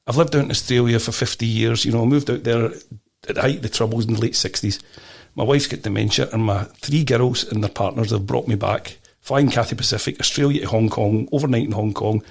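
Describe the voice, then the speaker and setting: Scottish man, middle-aged, gravelly voice, lively storyteller, repeats himself. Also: mid-range voice, a little fast. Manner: animated, repeats words, frequent restarts. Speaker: podcast guest. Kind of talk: casual storytelling interview.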